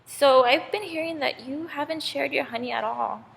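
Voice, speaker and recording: A woman's voice: sits high, normal speed, vocal fry. A woman playing a stern king of the gods. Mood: scolding. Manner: scolding, firm. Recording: long reverb in a hall.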